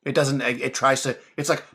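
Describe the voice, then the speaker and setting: Running the table as game master, this young man rambles through his scene descriptions, starting sentences over and slipping in brief bursts of laughter. His male voice sits in the middle range, creaky and pushed-bright, with little pitch movement.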